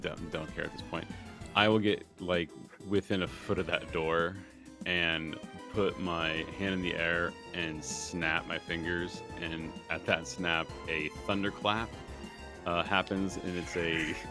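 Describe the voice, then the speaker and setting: A man with a very low voice playing a tabletop game. He talks casually and rambles, correcting himself as he goes. Music plays clearly behind him. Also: steady tone, unhurried. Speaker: player.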